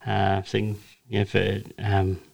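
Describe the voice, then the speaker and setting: A man's voice: fairly low pitch, completely flat delivery, slow pace, creaky, darkish tone. Australian male racer, casual anecdotal storyteller, chatty and loose. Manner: rambling anecdotal storyteller, many fillers and restarts. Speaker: racing driver guest. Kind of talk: casual podcast chat.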